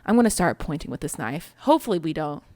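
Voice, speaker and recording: A woman's voice: sits low, sing-song, fast talker, a little mellow. A young woman co-hosting a casual podcast chat, blunt and laughing often as she swears through her opinions. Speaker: podcast co-host.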